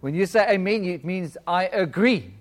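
A man, probably in his thirties, preaching in a church and leading a prayer, speaking in a conversational style with a self-described flat accent. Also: sits high, moderate pace. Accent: non-British English, self-described flat. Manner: warm, conversational preaching with laughs and audience questions. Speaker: guest preacher. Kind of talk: sermon and prayer.

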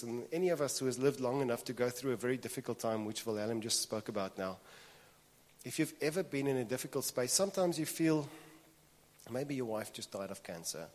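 A man's voice: medium pitch, darkish tone. Earnest man preaching in a reverberant hall. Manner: earnest, repeats phrases for emphasis. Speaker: pastor. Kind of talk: sermon. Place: church hall.

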